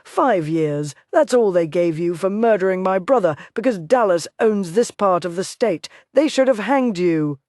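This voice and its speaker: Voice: mid-range voice, animated, normal speed, few pauses, darkish tone, no room sound, clean studio sound, natural voice. A narrator voicing a vengeful man who snarls accusations in a saloon fight, in an audiobook. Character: vengeful grieving man, brawling saloon enemy. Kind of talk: audiobook character voice.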